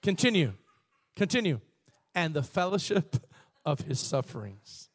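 A man's voice: a little high, sing-song, measured pace. A man preaching a sermon, reading scripture aloud and calling on the congregation to respond, with bursts of emphasis. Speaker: pastor.

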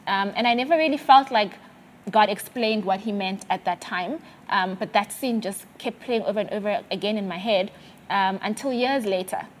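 A woman's voice: mid-range voice, a little hiss or hum. Earnest South African woman testifying. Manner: earnest, halting, with many fillers and restarts. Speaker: guest sharing a testimony. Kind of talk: conversational testimony.

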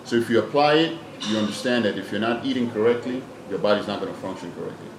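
Trainer speaking in an echoey, noisy room. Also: male voice, lowish voice, quick pace. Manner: plain-spoken, emphatic, repeats words while thinking. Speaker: fitness trainer and nutrition coach. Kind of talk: casual interview answers. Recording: echoey room with background noise.

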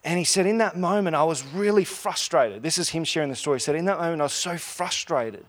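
A man preaching a conversational sermon, telling stories in a relaxed way with frequent restarts, and slowing down to stress key lines. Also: on the high side. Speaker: pastor.

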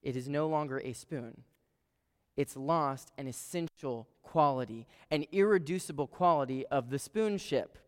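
Guy preaching to students, storytelling, goes quiet then loud, smooth clear voice, lots of hall reverb. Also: mid-range voice, measured pace. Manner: storytelling with sudden swings between hushed and loud. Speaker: campus ministry speaker. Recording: long reverb of a large hall.

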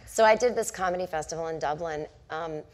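A woman in her forties talks on stage before a live audience, spinning long self-mocking anecdotes stuffed with "like." Her voice sits a little low. She sounds like a comedian chatting, not performing a set. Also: a little fast. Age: 40s. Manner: chatty storytelling full of "like" and self-mocking asides. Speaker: comedian and author, guest. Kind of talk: onstage conversation, telling anecdotes.

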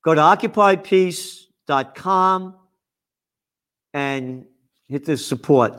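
A man from the Bronx, hosting an angry, profane commentary monologue with frequent shouting. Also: medium pitch. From New York (the Bronx). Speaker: host and trend forecaster.

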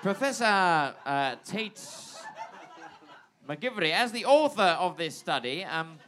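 A man's voice: high-pitched, very animated, measured pace, fairly bright tone, slight background noise. A man hosting an improvised comedy show, reading mock news with hesitant fillers and breaking into laughter. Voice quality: hesitant, laughing through lines. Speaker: comedy podcast host.

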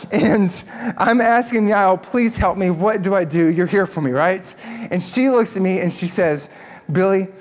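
Male pastor, higher voice, lively humorous storyteller in a sermon. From Texas.

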